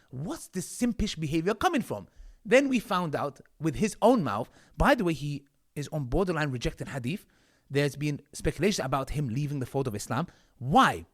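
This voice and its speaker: Fast, animated man mocking critics. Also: on the high side. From United Kingdom. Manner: combative, mocking and scornful. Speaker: online commentator. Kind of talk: reaction commentary on clips.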